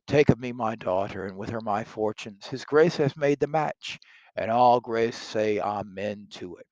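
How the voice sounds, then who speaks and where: A man's voice: lowish voice, unhurried, a little mellow, no room sound, highs cut off. A man reading a fond older nobleman.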